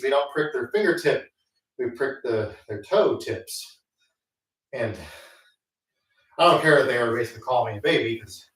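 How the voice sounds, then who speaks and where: A man telling a rambling, self-mocking story with many fillers, chatting casually between sets at the gym. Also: fairly high pitch. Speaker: host. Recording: echoey room, mic at a distance.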